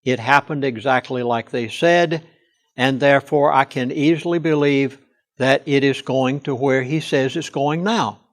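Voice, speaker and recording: A man's voice: medium pitch, a little slow. An older man, a pastor, speaking earnestly and emphatically in a studio interview and leaning hard on key words. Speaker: pastor and chaplain.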